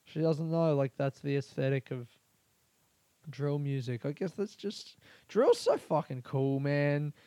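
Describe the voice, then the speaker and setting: A man's voice: fairly high pitch, animated, a little slow, dark tone, clear, resonant tone, dry recording. An Australian man hosting a casual solo podcast from a small bedroom, rambling, swearing freely and laughing often. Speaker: podcast host.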